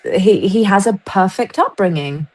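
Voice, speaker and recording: Lively woman actress telling stories. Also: mid-range voice, unhurried. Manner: animated storyteller, acts out quoted voices. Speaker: guest actress. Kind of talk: casual interview chat.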